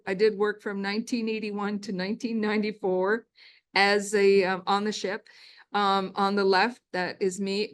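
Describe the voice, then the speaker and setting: A woman in her sixties tells stories from her working life to a lecture audience. She is chatty and laughs often. Her voice sits at a middle pitch. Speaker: guest lecturer, former ship's cook. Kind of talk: casual storytelling lecture. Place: lecture hall.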